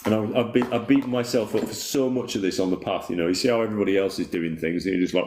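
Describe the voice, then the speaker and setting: A man's voice: low voice, fast talker, hardly any pauses, a little mellow. A man hosting a casual spiritual livestream, rambling in a laid-back way and reading viewer comments aloud. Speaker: livestream host. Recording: roomy echoey room.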